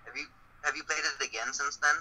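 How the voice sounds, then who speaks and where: A man's voice: on the high side, steady tone, fast, pushed and bright, slightly rough, low-quality recording. A man chatting casually about games with friends, rambling with many fillers, faint noise behind him. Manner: rambling, lots of "like". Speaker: friend on voice chat. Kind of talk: casual gaming chat.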